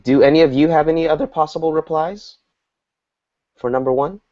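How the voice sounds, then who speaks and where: A man teaching an English lesson to a small group, explaining slowly and patiently and acting out example dialogues. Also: on the high side, fairly even intonation, dark tone. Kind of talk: online group language lesson. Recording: dull lo-fi audio.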